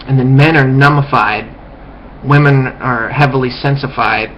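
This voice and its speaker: A man's voice: mid-range voice, steady tone, normal speed. A man in a rambling, contemptuous rant to camera, full of restarts and swearing. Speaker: vlogger. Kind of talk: ranting monologue. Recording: dull lo-fi recording with faint hiss.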